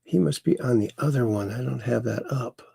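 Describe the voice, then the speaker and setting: A man hosting a casual livestream in a gravelly, easygoing voice. He rambles along and reads viewer comments aloud, and the mic is close and dry. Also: medium pitch, fairly quick, dark tone, dry recording. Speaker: host.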